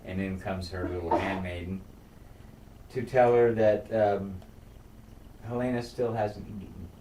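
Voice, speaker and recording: A man with a low, mellow voice talks loosely through a TV episode, swearing as he goes. He sounds roomy and set back from the mic, with faint noise underneath. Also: a little slow, recorded from a distance. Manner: profane, animated episode recap. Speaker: podcast co-host. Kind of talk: casual chat.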